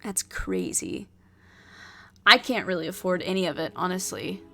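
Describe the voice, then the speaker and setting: A woman's voice: fairly low pitch, big pitch swings, normal speed, sharp tone. A woman reading and playing through a solo tabletop adventure, chatting and thinking aloud between passages. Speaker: solo player and narrator.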